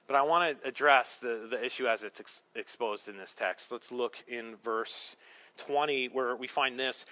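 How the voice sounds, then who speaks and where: A man's voice: mid-range voice, normal speed, bright, forceful tone. A male pastor preaching a sermon, emphatic, with rhetorical questions and humorous asides.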